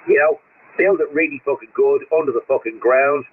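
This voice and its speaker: A man's voice: mid-range voice, brisk, husky. An Australian man ranting bluntly on a CB radio channel, swearing constantly. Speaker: CB radio operator. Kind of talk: profane radio chat. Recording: tinny radio line with faint noise.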